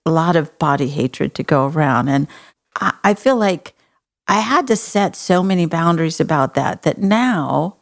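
A Texan woman hosting an advice talk, speaking frankly and with compassion. Her voice sits low and carries a gravelly fry. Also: expressive, normal speed. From Texas. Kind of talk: advice talk show conversation.

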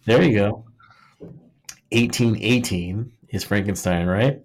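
A man's voice: lowish voice, slow pace. A man co-hosting a podcast, rambling jokily through a history topic in casual chat, filling his talk with "like" and restarts. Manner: rambling and jokey, heavy use of "like", frequent restarts. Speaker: podcast co-host.

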